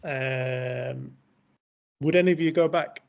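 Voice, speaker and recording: A man's voice: mid-range voice, takes it slowly, creaky. A man hosting a casual chat and leading the questions. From Yorkshire, England. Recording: dull lo-fi call audio.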